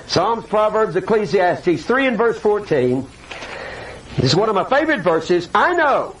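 Lively older preacher, distant and hissy. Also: male voice, high voice, unhurried. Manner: animated, dramatic preaching with acted-out quotes. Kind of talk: sermon. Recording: distant mic with faint hiss.

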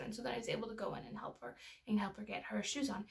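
A woman's voice: a little high, fast, vocal fry, hardly any pauses. A young adult woman and parenting educator giving an earnest, personal explanatory talk that is full of anecdotes.

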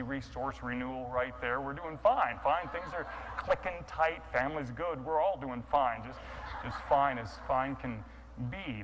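A man's voice: medium pitch, voice pushed down, close to an everyday voice. A man voicing a chorus of falsely cheerful churchgoers who keep insisting they are fine, heard in an echoey hall with a faint hum. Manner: repeating with forced brightness.

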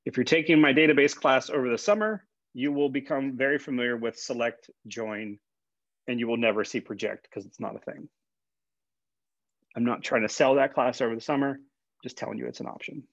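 A man's voice: mid-range voice, a little fast, dry recording. A man, a college instructor, giving a conversational classroom lecture with fillers and repeated words. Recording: dull, dry lecture recording.

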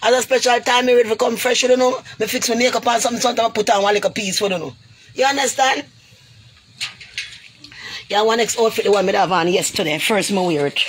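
A Jamaican woman with a higher-pitched voice talks quickly over slight background noise. Vlogging straight to camera, she delivers an emotional, pleading, preachy monologue in heavy creole grammar, calling her viewers "goody."

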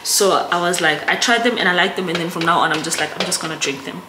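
A young South African woman chats casually to camera in a vlog, talkative and emotional, often turning to address her viewers. She talks fast in a fairly low voice with fairly even intonation, recorded in an echoey room with background noise.

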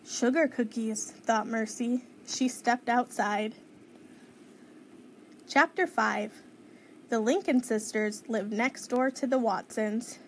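Woman, children's read-aloud, unhurried, fairly high voice, faint background hiss. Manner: slow, expressive, lively on sound effects. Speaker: storyteller reading a children's book aloud.

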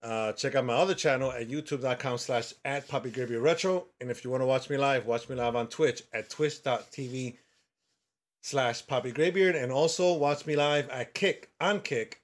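A man giving horror game commentary as a channel host, excitable and quick to yell when startled. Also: mid-range voice.

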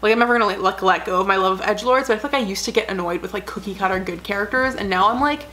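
A woman's voice: mid-range voice, racing, sharp tone. A young adult woman chatting casually as a vlogger, rambling earnestly with lots of "like" fillers. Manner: rambling, full of "like" fillers, gushing; emotional, earnest. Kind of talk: casual chat.

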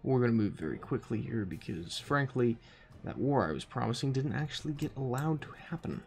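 A man's voice: medium pitch, animated, brisk, a little mellow. A man giving casual, profane commentary while playing a strategy game, thinking aloud with dry asides. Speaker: gaming commentator. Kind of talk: casual let's-play commentary.

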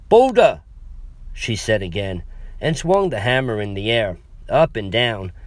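A man's voice: lowish voice, fairly bright tone, no echo. A man narrating a first-person story in a wry, conversational way with asides to the listener.

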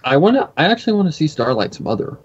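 A man's voice: a little high, very animated, fast, husky. Rambling young man, muffled lo-fi sound. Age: 20s. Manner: rambling, swears often. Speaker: commentator. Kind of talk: casual reaction chat. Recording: dull lo-fi recording.

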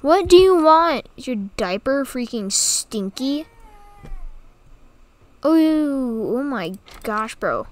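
A woman talks over her gameplay in a casual, giggly way, with a high voice and an unhurried pace. She teases the game's characters and exclaims as she plays. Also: very animated, no echo. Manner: giggly and teasing, full of exclamations. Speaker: gaming YouTuber.

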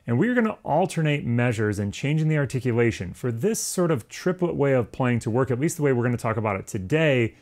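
A man's voice: mid-range voice, very animated, a little fast, few pauses, darkish tone. A man teaching a music lesson in a casual, explanatory way, now and then singing rhythms on syllables. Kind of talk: instructional lesson.

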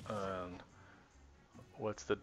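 A man's voice: low voice, level tone, very slow. A man casually thinking aloud while practicing combos on a live stream, often trailing off and correcting himself. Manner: rambling, self-correcting, talks to himself while testing. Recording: dull lo-fi stream audio with faint game music. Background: faint game music.

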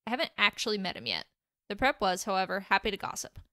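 A woman's voice: mid-range voice, very animated, fast, bright, forceful tone, no room sound, clean studio sound. A woman voicing a bubbly, chipper teenage girl hero who likes to tease. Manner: chipper and teasing.

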